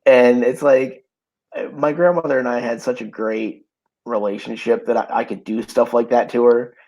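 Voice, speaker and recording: A man co-hosts a casual podcast from home, telling stories in a relaxed way with lots of fillers while he has the hiccups. His voice is medium-pitched at normal speed, and the recording is low quality.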